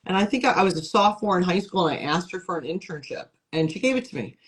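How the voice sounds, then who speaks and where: A woman's voice: fairly low pitch, quick pace. A woman from upstate New York, a comedian and TV host, chatting as an interview guest and acting out the voices of people in her stories. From Syracuse, New York. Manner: lively storyteller, acts out quoted voices. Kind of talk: casual interview chat.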